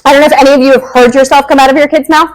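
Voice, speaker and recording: High-voiced woman giving a parent workshop. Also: racing, poor audio. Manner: casual, animated, acts out quoted parent and child lines. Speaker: behavior analyst speaking to parents. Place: meeting room with a live audience.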